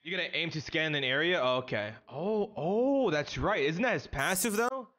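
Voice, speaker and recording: A young man streaming a video game, chatting casually with his chat in an excitable, slangy way. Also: a little high, moderate pace. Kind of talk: casual live-stream chat while gaming.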